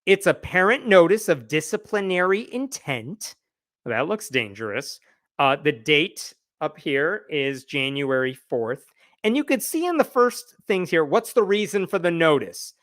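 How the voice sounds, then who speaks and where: A man with a slightly high voice hosts a live news commentary show. He retells the story in a wry, animated way and acts out quotes as he goes. The sound is dry and close, with almost no room echo. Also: unhurried.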